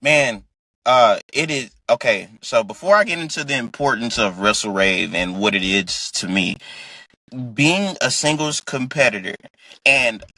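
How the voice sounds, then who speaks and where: A man talks slowly and brightly in a dry, close studio sound. He is a wrestler guest in a loose podcast chat, laughing often and circling back to restart his sentences. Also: mid-range voice, lively intonation, dry recording. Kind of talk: casual podcast interview.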